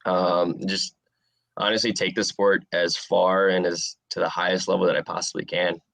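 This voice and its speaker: Low-voiced young man telling his story. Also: moderate pace, gravelly, dry recording. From USA. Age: 20s. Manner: relaxed, rambling storytelling with many fillers. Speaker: interviewed fighter. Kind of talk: casual interview answers.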